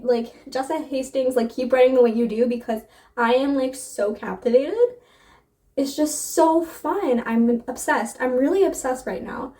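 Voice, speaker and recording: A woman's voice: a little high, warm tone, distant mic. A young adult woman chatting casually about books, gushing and filling her talk with "like". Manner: gushing, filler-heavy "like" talk. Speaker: book vlogger. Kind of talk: casual chat to camera.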